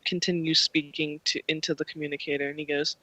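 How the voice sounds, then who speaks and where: A young adult game master narrating a tabletop role-playing game, rambling with many ums and likes. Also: male voice, a little high, little pitch movement, quick pace, sharp tone, dry recording, poor audio.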